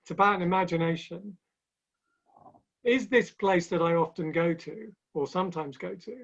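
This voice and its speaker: A man's voice: high voice, normal speed. A man speaking as a guest in a webinar conversation, telling stories with light humor in a chatty way. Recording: dull lo-fi online call audio.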